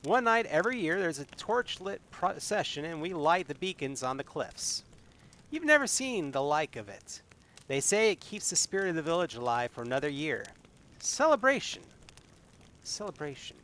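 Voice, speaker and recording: A man's voice: on the high side, very animated, normal speed, fairly bright tone, pitched above the performer's own voice. A man voicing a chatty, motherly village landlady in a solo tabletop game.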